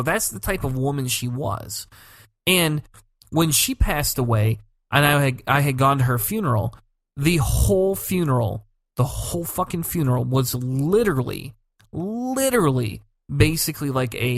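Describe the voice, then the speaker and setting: A man of middle pitch talks in a dry, close sound. He tells his story with lively energy. He swears often and jumps into voices for the people he quotes. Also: normal speed, no echo. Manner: animated storyteller, swears freely, acts out quotes. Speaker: podcast co-host. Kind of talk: casual chat.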